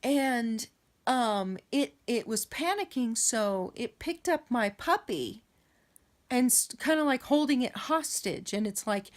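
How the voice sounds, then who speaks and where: Slow-talking, rambling woman. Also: a little high, animated. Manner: rambling, with many ums and restarts. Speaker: vlogger recounting dreams. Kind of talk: casual storytelling. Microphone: camera.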